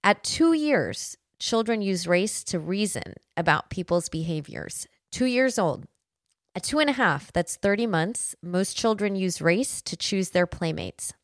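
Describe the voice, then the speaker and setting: A woman's voice: mid-range voice, expressive, unhurried, no echo, clean studio sound. A woman in her forties hosting a podcast, telling family stories in an earnest, conversational way with frequent restarts. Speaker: podcast host. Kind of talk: casual podcast monologue.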